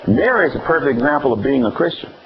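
Animated Southern preacher, lively pitch. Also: male voice, rapid-fire, muffled recording, slight background noise. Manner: playful, animated, call-and-response preaching. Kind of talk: sermon.

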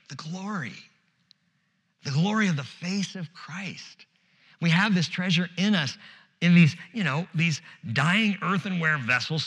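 A man preaching an expository sermon as pastor, animated and conversational, with humorous asides. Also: mid-range voice, long reverb tail.

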